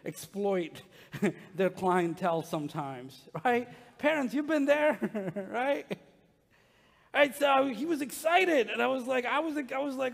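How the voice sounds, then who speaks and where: A middle-aged man, a pastor, preaching a sermon with animated, humorous personal stories to his congregation in a church. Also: extremely high pitch, gravelly. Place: church sanctuary. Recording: long reverb of a large hall.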